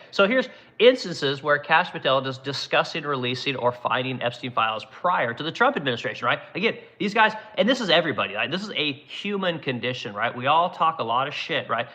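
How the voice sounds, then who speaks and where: Bright-voiced ranting man host. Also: mid-range voice. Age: adult, runs business ten years. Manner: blunt, ranting, heavy swearing. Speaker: show host reading viewer comments. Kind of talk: casual profane commentary.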